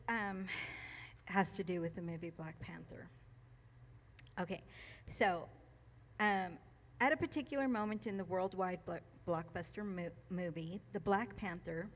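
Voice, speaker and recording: In a church meeting room, a woman reads a passage aloud at a gathering and then reflects on it, getting emotional and laughing easily, with lots of ums and restarts. Her voice is fairly low.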